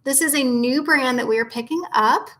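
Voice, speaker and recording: A woman's voice: sits high, normal speed, a bit bright, poor audio. A woman co-hosting a casual live chat from home, reading out viewer questions and correcting herself as she goes. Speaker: co-host answering viewer questions.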